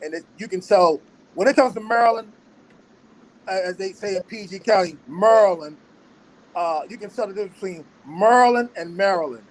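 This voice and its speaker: A man's voice: sits high, a little fast, rough recording. A man hosting a podcast in casual chat, rambling and repeating himself as he restarts his points. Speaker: podcast host.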